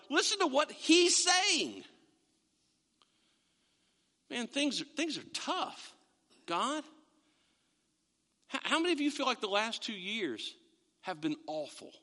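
A man preaching a sermon in a church, in a conversational, animated storytelling way. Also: extremely high pitch. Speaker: pastor. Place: church sanctuary. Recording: long reverb of a large hall.

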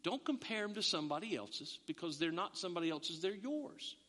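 A middle-aged man preaching a sermon as a pastor, animated, acting out voices and often restarting his words. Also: high-pitched, brisk. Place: church sanctuary. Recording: long reverb of a church hall.

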